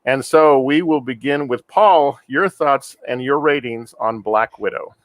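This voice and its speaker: A man's voice: mid-range voice, measured pace, fairly bright tone, no echo. Man hosting a movie podcast. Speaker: podcast host. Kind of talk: casual movie review chat.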